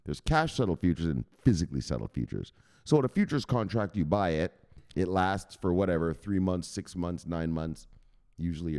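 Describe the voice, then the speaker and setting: A man hosting a crypto news show, explaining in a rambling, excitable way, often laughing and correcting himself. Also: sits low. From United States. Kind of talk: casual explainer monologue.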